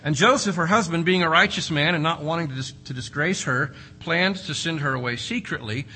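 Bright-voiced man preaching a sermon. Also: a little high. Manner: dynamic preaching, slowing and rising for emphasis. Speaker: pastor.

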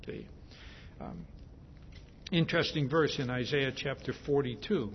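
Slow, emphatic male preacher, lo-fi. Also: mid-range voice, husky. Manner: punctuates points with repeated "see?"; emphatic, repeats phrases for stress. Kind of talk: sermon. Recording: dull lo-fi sermon recording.

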